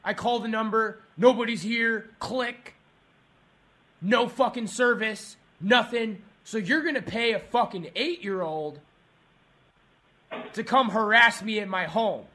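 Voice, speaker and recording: A man on a prank call, ranting furiously, swearing and shouting at the person on the line. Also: high-pitched, takes it slowly, pauses often. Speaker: prank caller.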